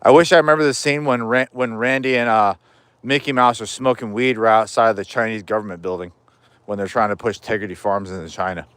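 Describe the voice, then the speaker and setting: A chest-mounted POV camera records a man rambling in casual live chat as he walks home outdoors, joking and swearing without restraint. His voice sits on the low side, steady and brisk, a bit bright, clear and resonant. The recording is dry.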